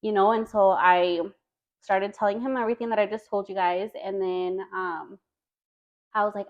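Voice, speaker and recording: A woman's voice: mid-range voice, steady tone, normal speed. Woman telling a personal story, dull audio. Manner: earnest, heavy use of "like" and "you know". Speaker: podcast guest. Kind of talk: casual storytelling chat.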